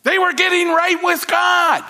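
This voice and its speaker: A man's voice: very high-pitched, flat delivery, a little slow, creaky, sharp tone, shouting. A man preaching a sermon, telling a story with rising animation and frequent restarts. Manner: repeats words, frequent restarts.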